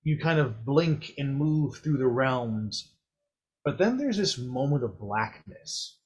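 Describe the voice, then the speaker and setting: A man narrating as game master, calm and descriptive. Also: medium pitch, slow, breathy edge.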